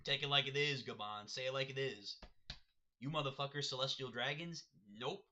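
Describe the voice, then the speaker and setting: A man reacting live to a manga chapter, reading panels aloud with excitable running commentary. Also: mid-range voice, normal speed, dull audio, a little hiss or hum.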